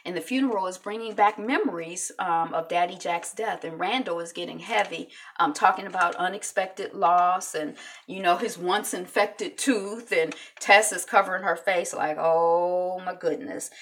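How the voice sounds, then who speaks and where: A woman casually recapping a TV episode, animated, acting out characters with many fillers. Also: on the low side, moderate pace, slight background noise. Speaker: TV recap vlogger.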